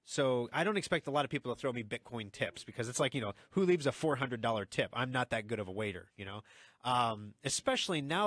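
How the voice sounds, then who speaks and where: A man hosting a radio talk show, excited and energized, talking fast with frequent restarts and repeated words. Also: medium pitch, no room sound. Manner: excited, fast talker who restarts often. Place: radio studio. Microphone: studio microphone.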